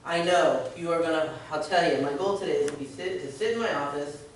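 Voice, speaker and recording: A woman's voice: low voice, a little fast. A woman working in social services, leading an earnest workplace discussion. She keeps checking in with her listeners with "right?". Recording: echoey room, distant mic, faint noise.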